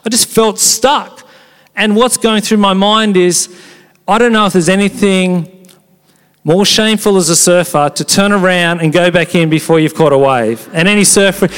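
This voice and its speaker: A pastor preaching a sermon in a casual, conversational way, telling stories with lively energy. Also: male voice, high-pitched, clean tone. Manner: animated storytelling, conversational preaching. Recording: long hall reverb.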